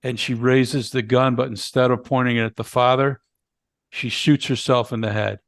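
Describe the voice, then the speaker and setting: A man's voice: medium pitch, fairly even intonation, normal speed, no echo, clean studio sound. A man co-hosting a podcast, casually retelling a movie plot step by step with many fillers and restarts. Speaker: podcast co-host. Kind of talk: casual movie review chat.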